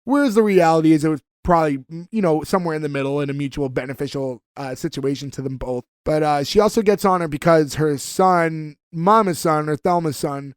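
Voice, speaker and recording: A man in his thirties talks through a TV episode recap on a podcast. He rambles and restarts, filling gaps with "uh". His voice sits a little high and sounds dry and close to the mic. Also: fairly quick, hardly any pauses, clear, resonant tone, no echo. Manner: rambling, with frequent "uh" and repeated words. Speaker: podcast co-host. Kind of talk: casual episode recap chat.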